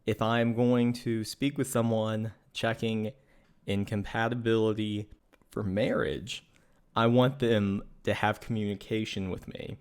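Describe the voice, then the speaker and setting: An earnest young man with a somewhat low voice recounts a personal experience. He speaks in a measured, matter-of-fact way, explaining himself step by step. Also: little pitch movement, clear, resonant tone. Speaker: podcast co-host. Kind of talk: personal storytelling.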